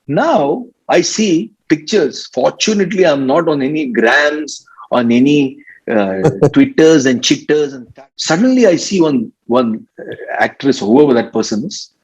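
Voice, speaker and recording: A man's voice: on the high side, darkish tone, breathy edge. A man with an Indian English accent giving an informal spiritual talk as a guru, playful and teasing, often laughing and mimicking people, in a dull lo-fi recording. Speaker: spiritual teacher.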